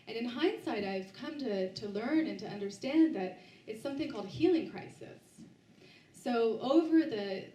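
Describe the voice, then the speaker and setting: In an indoor bookstore event space, a woman gives a book talk to a live audience, telling a personal story in a halting way full of restarts and fillers. Her mid-range voice has a warm tone, but she sits far from the mic in an echoey room. The recording is rough, with slight background noise.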